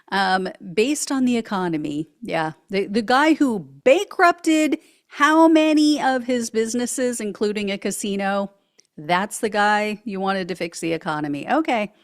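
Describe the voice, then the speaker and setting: A woman's voice: mid-range voice, expressive, measured pace. A woman hosting a political commentary show, reading social media posts aloud with sarcastic remarks and frequent laughs.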